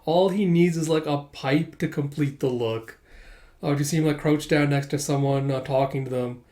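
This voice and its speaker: A man talking through a comic chapter in relaxed, casual chat. His voice sits a bit high. He rambles with fillers and chuckles as he goes. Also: moderate pace. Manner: chatty, laughing, many fillers. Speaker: comic chapter reader and commentator.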